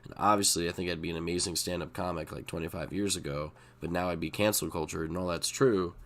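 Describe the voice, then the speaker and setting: A man's voice: low voice, steady tone, quick pace, fairly bright tone. A middle-aged man chatting casually and profanely while streaming poker, rambling and getting worked up. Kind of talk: casual live-stream chat.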